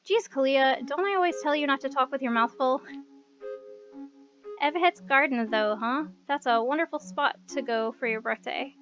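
A motherly, bossy schoolgirl, as a woman reading a visual novel puts her on chides her friends and chats in the same breath. Her voice sits high, on a dull, lo-fi recording. Music is clearly heard behind her. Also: normal speed, fairly bright tone. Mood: scolding. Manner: scolding, chatty.

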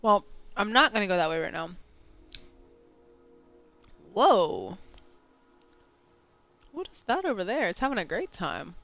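A woman streaming a video game, chatting excitably and talking back to what happens on screen. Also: medium pitch, fast talker, no echo, soft background music. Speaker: gameplay streamer. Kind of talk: live let's-play commentary.

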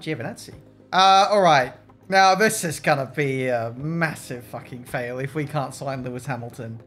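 A man streams a racing management game with casual gameplay commentary, joking, swearing and talking to his chat. His mid-range voice is a bit bright at normal speed, with faint music behind.

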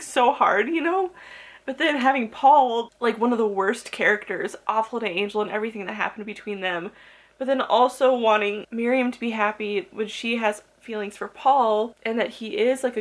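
A young woman vlogging about a book she loves, reading passages aloud and gushing emotionally between them. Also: a little high.

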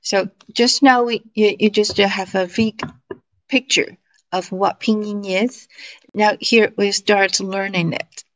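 Female teacher, very slow and deliberate delivery, online class. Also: mid-range voice, steady tone. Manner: slow, deliberate, drawn-out demonstration of sounds. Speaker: Mandarin teacher. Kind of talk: slow online language lesson.

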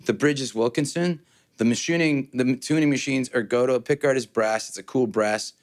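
A man's voice: mid-range voice, brisk. A man talking through a guitar demo in a loose, joking way. He rambles, backtracks and restarts his sentences, dropping fillers and wisecracks as he goes. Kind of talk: casual gear demo chat.

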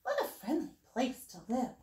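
A woman voicing a small, gentle young male owl who asks politely and speaks slowly and wistfully. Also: on the high side, huge pitch swings. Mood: hopeful, polite. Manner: polite, wistful, drawn-out words. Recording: roomy echo.

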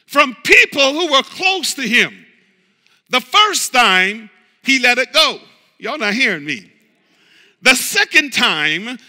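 High sharp-voiced pastor preaching hard, yelling then going quiet, big echoey church. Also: male voice. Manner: impassioned preaching, calling on the congregation; swings between shouting and hushed low talk. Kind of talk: sermon. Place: church sanctuary. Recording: long hall reverb.

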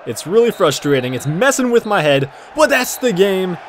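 Male gaming commentator, high and lively, excitable and jokey, slight background hiss. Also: normal speed. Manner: excitable, jokey, shouts at the game. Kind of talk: casual gameplay commentary.

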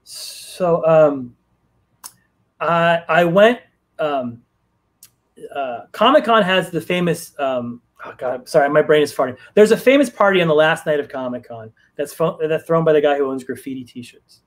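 Guy rambling thru a story on a video call, kinda high voice, lots of ums and restarts. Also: lively intonation, unhurried. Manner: rambling, many fillers and restarts. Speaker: guest writer. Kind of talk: casual storytelling in a live Q&A.

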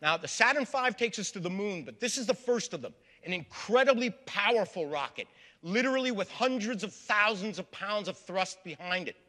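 A man's voice: high-pitched, animated, moderate pace, pushed and bright. A man giving a public history lecture to a live audience, storytelling and calling them folks. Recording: long reverb of a large hall.

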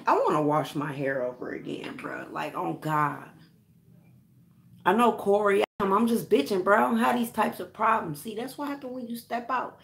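A woman's voice: mid-range voice, normal speed, creaky, a little hiss or hum. A woman vlogger ranting to her viewers with lots of profanity, frustrated and calling out to friends by name. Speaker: hair care vlogger. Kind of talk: casual vlog rant to viewers.

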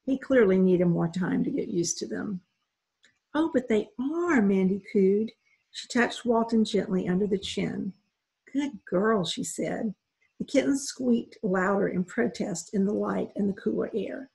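A woman reading a children's novel aloud in an unhurried, expressive storytelling manner. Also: medium pitch, creaky, husky, poor audio. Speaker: reader.

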